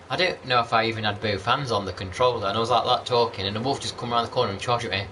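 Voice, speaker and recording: A man talks loosely through a game session, wandering between topics and calling out to viewers by name. His voice sits a little low and comes across forceful and bright. Faint noise hums in the background. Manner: rambling, chatty, greets viewers by name. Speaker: gaming channel host. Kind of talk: casual gameplay commentary.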